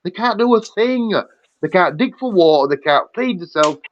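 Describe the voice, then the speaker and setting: On his livestream, a man vents in a heated, profane rant that keeps circling back on itself. His fairly high voice has lively intonation and a normal pace. The audio is dull, lo-fi and dry, with slight background noise.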